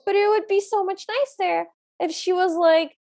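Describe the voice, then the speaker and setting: High-voiced woman, frank podcast co-host. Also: steady tone, normal speed, vocal fry, darkish tone. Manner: earnest, opinionated, frank about likes and dislikes. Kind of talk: casual chat.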